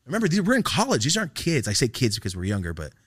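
A man hosting a podcast, telling a comic story casually with lots of swearing and animated energy. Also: mid-range voice, rapid-fire, breathy edge, dry recording, studio quality. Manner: animated, profane, acts out quoted lines. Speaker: podcast host.

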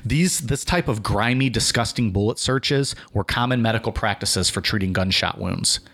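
A man's voice: fairly low pitch, moderate pace, fairly bright tone, breathy edge. Man reading history notes on a podcast. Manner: reads notes, then drifts into filler-heavy "like" chatter. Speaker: podcast host and narrator. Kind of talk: reading a history outline with casual asides.

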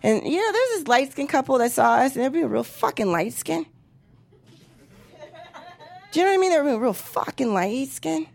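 A woman's voice: high voice, moderate pace, vocal fry, long pauses. A woman in her thirties doing a brash, profane stand-up comedy set. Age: 30s. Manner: brash, profane, animated with voiced impressions.

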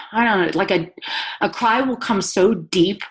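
A woman's voice: mid-range voice, unhurried. A woman guest telling a personal story on a podcast in an earnest, confessional way. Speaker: guest author and speaker.

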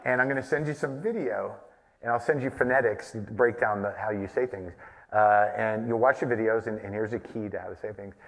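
A man's voice: fairly low pitch, brisk, a bit bright. A man from New Mexico, a guest at a live podcast taping, telling a long, rambling, profane story. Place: live stage taping before an audience. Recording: long hall reverb.

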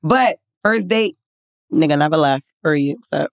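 A woman's voice: low-pitched, expressive, a little slow, no room sound. Lady spilling a dating story, laughs a lot, loose slang, dry close mic. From Baltimore. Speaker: podcast co-host. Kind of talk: casual chat, storytelling.

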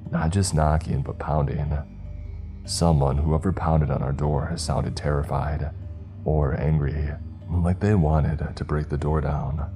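A man narrating a scary story in a measured, hushed way. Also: extremely low pitch. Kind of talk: scripted horror narration. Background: faint music.

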